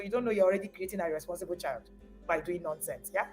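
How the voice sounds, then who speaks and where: A woman's voice: medium pitch, fast, soft background music, low-quality recording. Emphatic woman parenting coach. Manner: emphatic and animated, acts out parents; repeats words when stressing a point. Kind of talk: live parenting talk.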